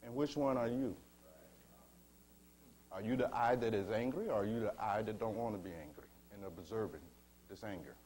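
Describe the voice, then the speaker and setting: A man giving a spiritual teaching talk, slow and measured, asking his listeners rhetorical questions and calling them beloved. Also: on the low side, darkish tone, slight background noise.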